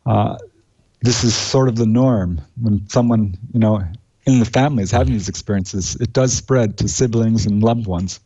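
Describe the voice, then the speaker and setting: A man being interviewed as an author, recounting the cases he researched in a steady, matter-of-fact way with many "uh" fillers. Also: lowish voice, moderate pace, muffled recording. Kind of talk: conversational interview.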